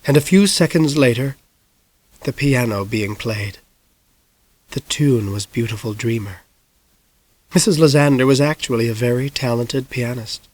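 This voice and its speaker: A man in his forties narrating an audiobook in a measured storytelling voice, close on a studio mic. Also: medium pitch, no echo. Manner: measured storytelling, rising to shouts in action. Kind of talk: scripted narration.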